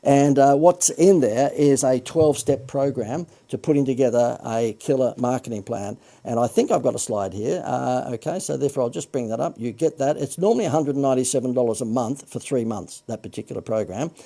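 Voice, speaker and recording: Gravelly, dark-voiced Australian man pitching. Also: a little fast, few pauses. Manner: chatty, joking asides, frequent "uh" and self-corrections. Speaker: marketing coach hosting a livestream. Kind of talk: Facebook Live sales pitch.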